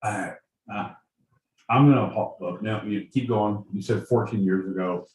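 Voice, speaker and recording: A man's voice: on the low side, normal speed, darkish tone, a little hiss or hum. A man co-hosting a casual comedic podcast, joking, swearing and interrupting. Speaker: co-host. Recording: roomy, away from mic.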